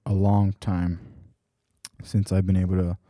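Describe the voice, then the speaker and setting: A man talks alone into his podcast mic in a loose, rambling way, circling back and correcting himself as he goes. His voice is very dark and mellow and sits low. The sound is dry and close. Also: level tone, measured pace, no echo. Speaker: podcast host. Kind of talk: casual solo podcast talk.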